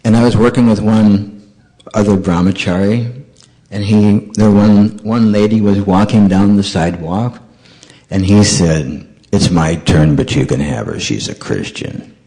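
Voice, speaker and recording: A man's voice: on the low side, a little slow. A man telling stories in a sermon, acting out the voices of the people in them. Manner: animated storyteller acting out dialogue. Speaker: monk giving a talk. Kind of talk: storytelling sermon.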